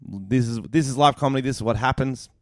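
A young man, a comedian co-hosting a podcast, telling stories in a lively, swearing way with bursts of laughter. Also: medium pitch, fast, dry recording, studio quality. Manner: swearing, animated storytelling with laughs. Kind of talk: casual chat.

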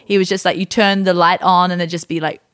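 Woman host, casual storyteller, chatty and animated, close dry mic. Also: on the low side, fast talker, no echo. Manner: animated, chatty, many fillers and restarts. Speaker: podcast host.

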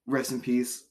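A man's voice: mid-range voice, darkish tone. A man co-hosting a casual podcast, reading out history facts in a loose, joking way with frequent laughs and swearing. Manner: laid-back, reads date facts, swears, laughs often. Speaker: podcast co-host.

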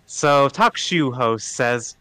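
A man's voice: medium pitch, lively intonation, slow pace, a bit bright, clean tone, no room sound. A man co-hosting a podcast in easygoing, agreeable casual chat, also reading listener reviews aloud. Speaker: podcast co-host.

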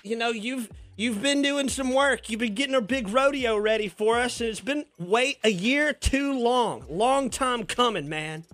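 Excitable high-voiced radio host, a man. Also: a little slow, hardly any pauses. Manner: excitable and playful, laughs often. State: out of breath. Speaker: radio morning show host. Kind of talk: casual radio chat.

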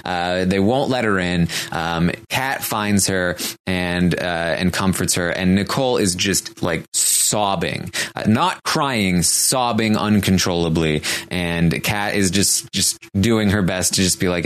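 A man's voice: low voice, unhurried, hardly any pauses, a bit bright. A man co-hosting a podcast, recapping events in a rambling way with lots of hesitations. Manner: rambling, hesitant with many fillers. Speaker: podcast co-host.

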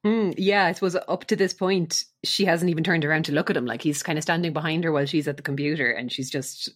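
A woman's voice: low-pitched, quick pace. A woman co-hosting a podcast who retells scenes animatedly and laughs often. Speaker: podcast co-host. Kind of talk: casual recap chat.

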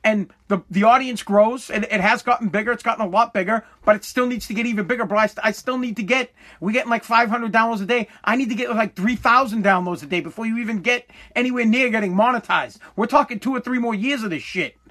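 High-pitched, pushed and bright, the voice of this podcast host in his forties comes quickly with few pauses. He's giving a profane, emphatic motivational monologue that keeps restarting.

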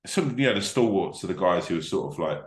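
Low-voiced male comic, rambling sweary anecdotes, roomy echo. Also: animated, fast talker. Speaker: comedian guest. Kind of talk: casual podcast storytelling.

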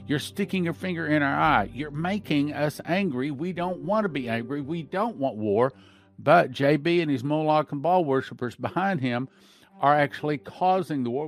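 A man hosting a podcast who reads news items aloud and comments on them with emphatic, repeated points. His voice sits in a middle pitch. Faint music plays behind him. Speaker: podcast host. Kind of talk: reading and commenting on news and scripture.

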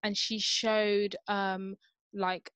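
A woman's voice: mid-range voice, little pitch movement, extremely slow, fairly bright tone, smooth, no room sound. A young woman co-hosting a podcast, chatting casually and retelling a story with lots of "like". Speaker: podcast co-host. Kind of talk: casual chat.

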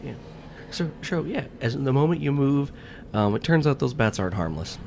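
A man's voice: mid-range voice, very animated, normal speed, gravelly, a little mellow, slight background noise. A man running a tabletop game as game master, joking loosely and tripping over words as he narrates.

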